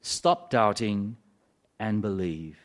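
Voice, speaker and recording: A man's voice: lowish voice, slow pace, voice pushed down. A male preacher voicing the risen Jesus as he challenges a doubting disciple. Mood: challenging.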